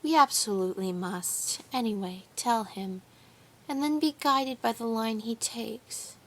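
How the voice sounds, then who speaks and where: A woman reading the part of an earnest young nobleman who speaks in a quiet, soft and persuasive tone. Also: fairly high pitch, measured pace.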